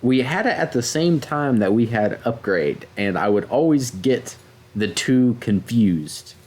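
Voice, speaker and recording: A young man co-hosting a podcast, chatting casually and hesitantly with many pauses and fillers. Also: mid-range voice, expressive, a little mellow. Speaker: podcast co-host. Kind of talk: casual chat.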